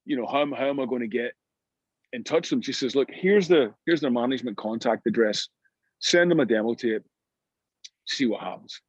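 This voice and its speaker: A middle-aged Scottish man telling anecdotes in an interview, lively and full of restarts. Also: mid-range voice, fairly quick, husky, dry recording, highs cut off. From Scotland. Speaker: guest musician. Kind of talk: storytelling interview.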